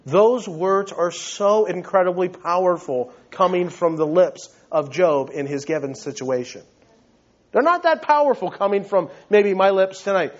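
Pastor guy preaching, pretty high voice, emphatic, keeps repeating himself. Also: animated, measured pace. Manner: earnest and emphatic, repeating words as he builds. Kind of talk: sermon. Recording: dull lo-fi recording.

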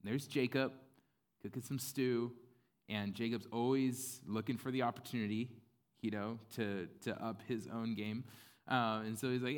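A man's voice: medium pitch, fairly even intonation, moderate pace, smooth. A man preaching a sermon in a casual, conversational way, with plenty of fillers. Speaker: pastor.

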